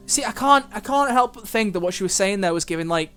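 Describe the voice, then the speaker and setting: A man's voice: high-pitched, animated, fast. A young man hosting a let's play, reading a visual novel aloud and reacting in a chatty, fretting way. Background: soft game music.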